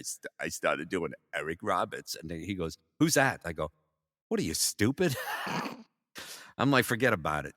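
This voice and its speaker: Deep-voiced, animated middle-aged male storyteller. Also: dry recording, clean studio sound, big-room sound. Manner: animated anecdotes, frequent fillers and laughs. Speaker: voice actor guest. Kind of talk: casual storytelling interview.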